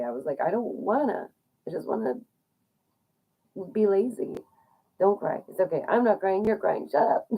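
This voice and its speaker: A woman's voice: on the low side, phone-quality sound. A young woman talking casually to her viewers, chatty and encouraging, often laughing between points. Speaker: vlogger. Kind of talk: casual talk to viewers about loneliness.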